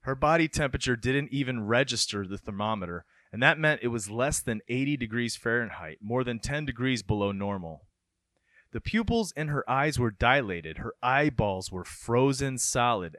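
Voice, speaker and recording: A man's voice: medium pitch, moderate pace, no echo, studio quality. A man co-hosting a podcast, reading a news story aloud and chatting animatedly. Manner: animated, laughs often. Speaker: podcast co-host.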